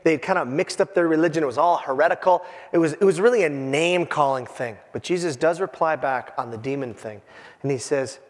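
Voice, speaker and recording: Animated male pastor, high voice, long hall echo. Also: fairly quick. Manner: animated, acts out the quoted voices. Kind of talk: sermon. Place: church. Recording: hall reverb.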